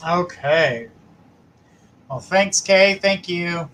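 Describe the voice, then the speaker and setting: A man's voice: high-pitched, very slow, a bit bright, a little hiss or hum. A man hosting a live psychic show, reading out viewer questions with short acknowledgments. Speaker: psychic host.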